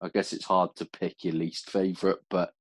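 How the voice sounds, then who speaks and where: A man's voice: deep voice, flat delivery, moderate pace, breathy edge, no echo. A man hosting a podcast interview, asking questions in an easygoing, hesitant way with many fillers. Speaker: podcast host. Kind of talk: casual interview chat.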